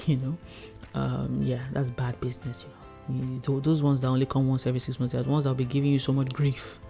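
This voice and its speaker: A woman's voice: very deep voice, little pitch movement, fairly quick, gravelly, mellow, soft background music. A woman chef coaching food business owners in a chatty, casual way, laughing often and acting out her customers. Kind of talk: casual teaching talk.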